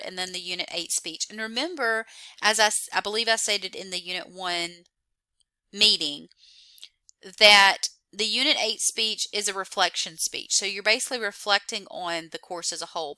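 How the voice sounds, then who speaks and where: Bright clear-voiced woman instructor. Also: medium pitch, no room sound. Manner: explanatory, with frequent "you know" and "so". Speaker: college course instructor. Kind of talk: recorded online class meeting.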